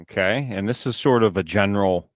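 Low-voiced American man, easygoing chat. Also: fairly quick, no room sound. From United States. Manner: easygoing, rambling storyteller. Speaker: podcast host. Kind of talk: casual podcast chat.

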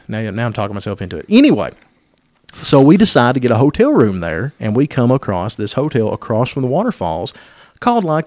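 A man's voice: mid-range voice, a little mellow, dry recording, clean studio sound. A man hosting a podcast, telling a comic story in a profane, self-interrupting way. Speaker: podcast host.

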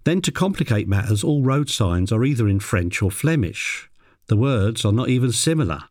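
A man's voice: very animated, normal speed, darkish tone, dry recording. Dry-voiced man telling a wry anecdote. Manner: mimics a parrot in a high voice. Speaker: animal handler telling a story. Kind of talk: personal anecdote narration.

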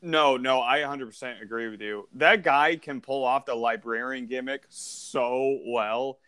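A man co-hosts a casual podcast and talks eagerly as a wrestling fan. His voice is smooth and clear, and it is recorded dry with no room echo. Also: mid-range voice, measured pace, sharp tone. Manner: enthusiastic wrestling fan talk. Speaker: podcast co-host.

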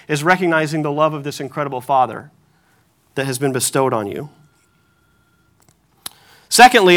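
A male pastor delivers a sermon in a notably high voice. His tone is bright and forceful, and he tells stories with lively, self-mocking humor. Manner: animated storytelling with self-deprecating humor.

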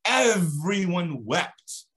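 Bright-voiced man telling a story. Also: very animated, drawn-out words. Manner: dramatic, acts out dialogue with shifting pitch. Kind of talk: animated religious storytelling.

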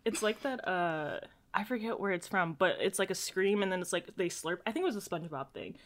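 Chatty woman telling animated stories. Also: on the low side, fairly quick. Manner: animated storytelling, acts out quotes in big voices. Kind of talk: casual chat.

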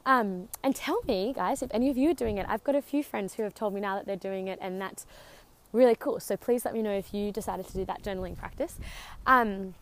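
A woman's voice: mid-range voice, fairly quick. A young woman hosting a casual faith podcast. She rambles chattily with lots of fillers and sounds out of breath from walking outdoors on her driveway. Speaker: podcast host.

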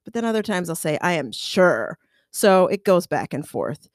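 A woman's voice: lowish voice, lively intonation, brisk, a little mellow, no room sound, studio quality. A woman from the United States hosting a casual solo podcast, chatty and playful, who slips into accent impressions as she talks.

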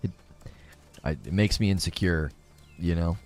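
A man's voice: deep voice, a little slow, a little mellow. A man streaming a game, chatting casually with his viewers, self-mocking and restarting often. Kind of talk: casual livestream chat while playing.

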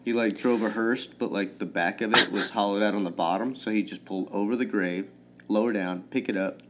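A man's voice: on the low side, steady tone, brisk, very noisy. A man co-hosting a casual true-crime podcast, laid-back and slangy, often saying "dude" and "like.". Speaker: podcast co-host.

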